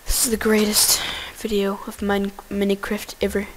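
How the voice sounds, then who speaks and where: A woman giving goofy, excitable casual gameplay commentary, talking to the animals in her game. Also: mid-range voice, normal speed, a little hiss or hum.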